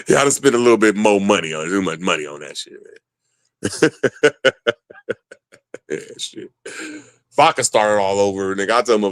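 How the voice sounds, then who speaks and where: A man's voice: lowish voice, very animated, moderate pace, long pauses, no echo. A man in casual chat, talking loosely with lots of swearing and frequent laughter. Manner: loose, joking, heavy swearing; laughs often between lines.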